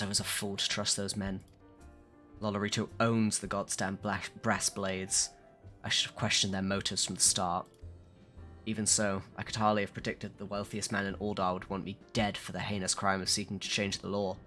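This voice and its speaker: A man's voice: fairly low pitch, pushed and bright. A man reading aloud the lines of a furious male merchant leader who curses indignantly, as he plays a game on a live stream. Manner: indignant, cursing.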